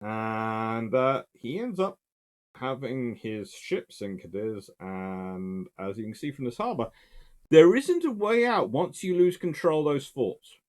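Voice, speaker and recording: A man's voice: medium pitch, lively intonation, slow pace, a little mellow. A man giving a casual, emphatic spoken history lecture in a conversational way.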